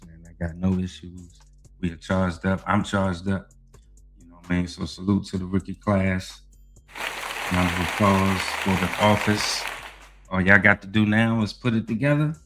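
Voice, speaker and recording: A man hosting a casual podcast, talking animatedly and with plenty of profanity, often saying "you know what I mean.". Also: lowish voice. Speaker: podcast host. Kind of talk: casual sports podcast talk and rant. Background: faint music.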